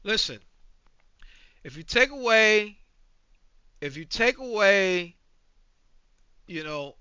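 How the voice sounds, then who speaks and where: A man in his forties rants angrily through a movie review, swearing and repeating himself. His voice sits high and is expressive, bright, forceful, clear and resonant, delivered slowly. The recording is dull, lo-fi and dry, with no echo.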